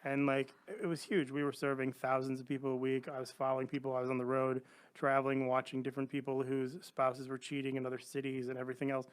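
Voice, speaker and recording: Man, middle-aged, podcast guest, lively storyteller, acts out voices. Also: mid-range voice, quick pace, clear, resonant tone. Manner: animated anecdotes, acts out quoted voices. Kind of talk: casual storytelling.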